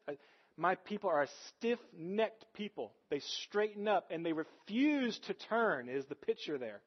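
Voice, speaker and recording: A man's voice: high-pitched, dull audio. A man preaching a sermon as pastor, earnest and conversational, often putting rhetorical questions to the congregation.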